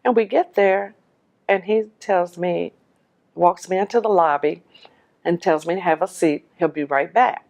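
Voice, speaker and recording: A woman telling her own life story in a lively, animated way, acting out the voices in the dialogue she recounts. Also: fairly low pitch, a little slow. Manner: laughs while telling. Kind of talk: personal storytelling.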